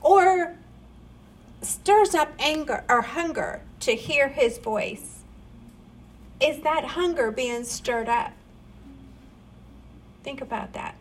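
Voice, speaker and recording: A woman's voice: sits high, lively intonation, slow, pauses often, slight background noise, poor audio. A woman preaching a sermon, earnest and rising into emphatic questions.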